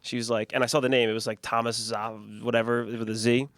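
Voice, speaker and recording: A man's voice: mid-range voice, flat delivery, quick pace, no room sound. A young man, podcast host, telling long rambling stories in casual chat and laughing often.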